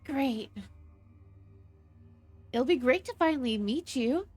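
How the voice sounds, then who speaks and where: A woman voicing a ten-year-old girl who talks like an old movie, with a crisp, professional Mid-Atlantic accent and a relaxed tone. She is a game master doing the voice in a tabletop game. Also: sits high, slow pace, soft background music, voice pushed up, full character voice. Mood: polite, composed.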